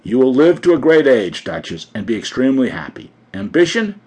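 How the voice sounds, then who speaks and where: A man voicing a fussy, deferential middle-aged palm reader who speaks in a measured, obsequious way. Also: medium pitch, sing-song, a little mellow, husky.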